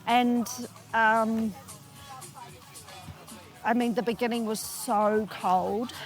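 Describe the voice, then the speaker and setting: Relaxed New woman, music behind. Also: fairly high pitch, very slow. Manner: relaxed storytelling, laughs. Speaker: guest runner. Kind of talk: casual interview. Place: outdoors at a race finish.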